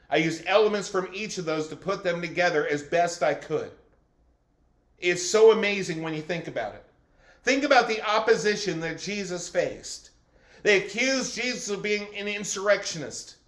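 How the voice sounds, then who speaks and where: A male pastor with a fairly high voice delivers a reflective sermon, explaining scripture calmly. His voice rings through an echoey church room.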